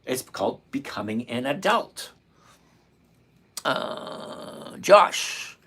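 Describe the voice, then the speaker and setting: A middle-aged man hosting a live trading stream, answering chat questions bluntly and repeating points slowly. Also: medium pitch, very animated, a bit bright, slightly rough. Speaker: stock trading livestream host.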